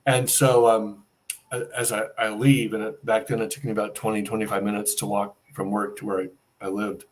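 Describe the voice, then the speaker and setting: Low-voiced man telling a story. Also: moderate pace. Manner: animated storyteller acting out quoted dialogue. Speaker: guest. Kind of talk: storytelling in an interview.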